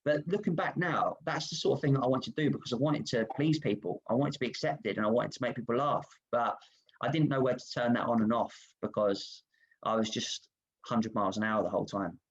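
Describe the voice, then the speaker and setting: A man's voice: mid-range voice, fairly quick, slightly rough, muffled recording. A man, a former footballer, telling candid stories about himself over a video call. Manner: self-reflective, frank, animated anecdotes. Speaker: guest footballer. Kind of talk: candid storytelling.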